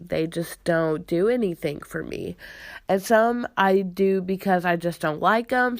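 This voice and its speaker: Slow-talking congested young woman. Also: fairly low pitch, no room sound, studio quality. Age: young adult. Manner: drawn-out, sarcastic, exasperated sighs. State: congested from a cold. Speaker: podcast host. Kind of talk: casual chat.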